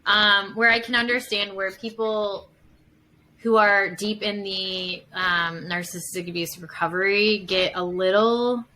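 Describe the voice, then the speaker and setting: A woman's voice: mid-range voice, fairly even intonation, a little slow, bright, forceful tone, rough recording. A woman psychotherapist talking casually as a podcast guest, full of fillers and acting out examples as she explains. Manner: chatty, many fillers, acts out examples.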